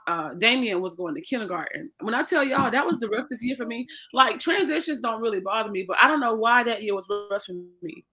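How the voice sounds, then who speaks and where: A woman's voice: on the high side, pushed and bright. A woman, co-hosting a casual chat, teasing and laughing along. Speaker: co-host.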